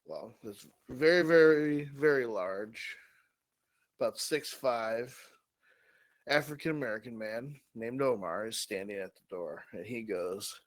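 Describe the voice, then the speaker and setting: A man's voice: lowish voice, lively intonation, takes it slowly, pauses often, a bit bright, no echo. A man co-hosting a comedy podcast, improvising a crude story with plenty of swearing. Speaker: co-host.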